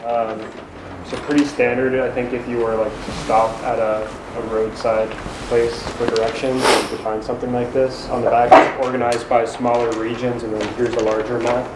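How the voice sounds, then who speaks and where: A man presenting to a workshop group, hesitant with many pauses and ums. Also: medium pitch, little pitch movement. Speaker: workshop participant. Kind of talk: informal presentation. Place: conference room. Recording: roomy with noise.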